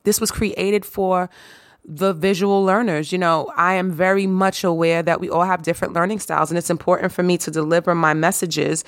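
Woman, podcast host, hoarse, raspy, lowish voice, sassy motivational monologue, dry close mic. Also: dry recording. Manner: sassy, preachy, talks to listeners directly. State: hoarse from a sore throat.

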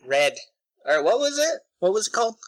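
A man's voice: high voice, very animated, fairly quick, no room sound, low-quality recording. A young man co-hosting a podcast in casual chat, joking and loose, often trailing off with fillers. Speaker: podcast co-host.

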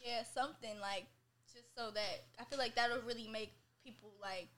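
A young woman with a high, bright voice chats casually as a podcast guest. Her talk is loose and profane, packed with filler words. She sounds relaxed and unguarded. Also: moderate pace.

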